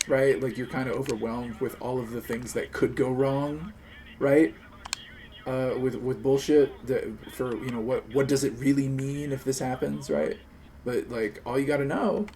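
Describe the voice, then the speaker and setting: A man with a medium-pitched voice hosts a live stream, chatting casually and animatedly persuading a friend into things. He swears freely and acts out little pleading voices, with a faint hiss or hum in the audio.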